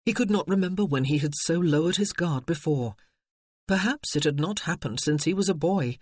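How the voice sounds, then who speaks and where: Measured audiobook narrator, dry close sound. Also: medium pitch, a little mellow, husky, no echo. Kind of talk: scripted narration.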